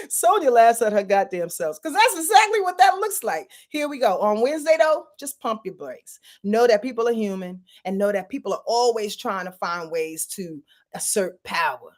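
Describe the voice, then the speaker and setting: Animated woman reading astrology, swears a lot, laughs at herself, voice swoops up and down. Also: medium pitch, moderate pace, hardly any pauses. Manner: chatty, profane, laughs at herself. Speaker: astrology channel host. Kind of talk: casual spoken astrology forecast.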